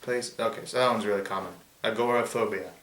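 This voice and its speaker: Joking young-sounding man, deep voice, echoey room. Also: steady tone, fast, fairly bright tone. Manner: joking, reads a list in mock-formal drawl. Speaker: host. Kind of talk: casual comedic chat.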